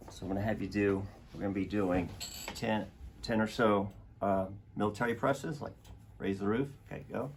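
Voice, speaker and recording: Male chiropractor, low voice, encouraging, brisk repeated instructions during treatment. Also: fairly even intonation, slight background noise. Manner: encouraging, gives short repeated commands. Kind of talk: coaching a patient through treatment. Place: treatment room indoors.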